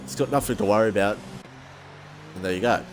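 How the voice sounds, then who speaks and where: A man commentating a sim racing league race, excitable and self-deprecating, his voice jumping high when battles get close. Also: fast talker, slight background noise.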